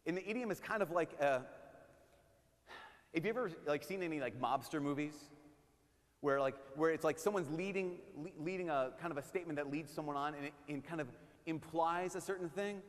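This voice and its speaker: A man preaching a sermon as a priest, casual and animated, sometimes dropping to a hush for emphasis. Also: a little high, fairly quick. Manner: conversational and animated, drops to hushed tones for emphasis. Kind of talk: sermon at a parish mission. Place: church. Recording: long reverb of a church hall.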